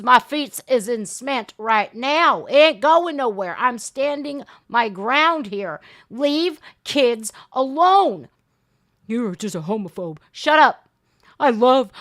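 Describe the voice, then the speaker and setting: Fiery high-voiced woman reacting. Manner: fiery, profane, yells and laughs in outbursts. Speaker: livestream reaction host. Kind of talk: heated reaction commentary.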